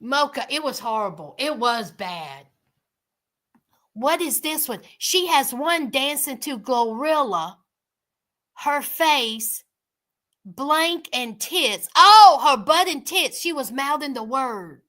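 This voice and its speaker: A woman hosts a casual livestream, talking to her viewers by name. Her voice sits very high and sounds bright and forceful. She takes her time, drawing out her words in animated exclamations. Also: slow pace. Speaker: livestream host. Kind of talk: casual commentary chat with viewers.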